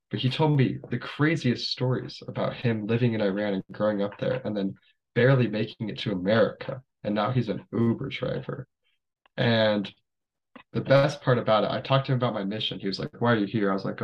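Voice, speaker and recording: A man's voice: on the low side, dull audio. A young adult man, a podcast guest, telling stories in a rambling casual way, full of fillers. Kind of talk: casual storytelling.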